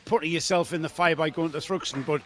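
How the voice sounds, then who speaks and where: A man's voice: on the high side, fairly even intonation, fast talker. Enthusiastic male trackside presenter. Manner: enthusiastic, chatty, rambling questions. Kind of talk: live pit-lane interview.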